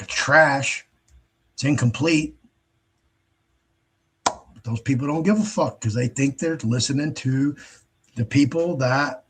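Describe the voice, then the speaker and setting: A male host rants in a blunt, profane, exasperated way, tripping over restarts as he goes. His voice is husky and sits at an ordinary male pitch. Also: a bit bright. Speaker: show host. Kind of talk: ranting monologue.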